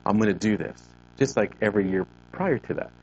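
A man's voice: lowish voice, a little fast, a little mellow, lo-fi sound, slight background noise. Man in his fifties telling his story. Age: 50s. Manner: conversational storytelling, acting out quoted exchanges. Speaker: ministry leader giving a talk. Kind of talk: personal testimony talk to a group. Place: CrossFit gym.

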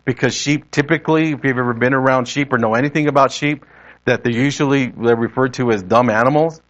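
Male preacher, mid-pitched voice, relaxed conversational sermon delivery. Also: quick pace, dull audio. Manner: conversational, rephrasing as he goes.

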